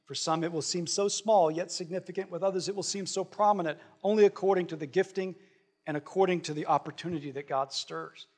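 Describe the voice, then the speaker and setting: Male pastor, slightly higher voice, earnest conversational sermon delivery, slows down on key words. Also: fairly even intonation, a little mellow. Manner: earnest, conversational preaching with slow, drawn-out emphasis. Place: church sanctuary.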